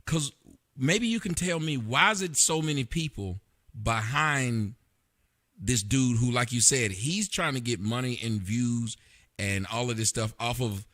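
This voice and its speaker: A man's voice: medium pitch, lively intonation, measured pace, a bit bright. A man hosting a casual live-stream chat, talking loosely, questioning his guest and laughing often. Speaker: show host.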